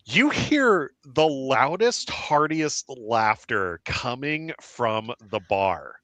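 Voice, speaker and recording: A man's voice: mid-range voice, sing-song, slow, bright, forceful tone, no echo. A man narrating a tabletop game as game master, rambling with many fillers and frequent laughs.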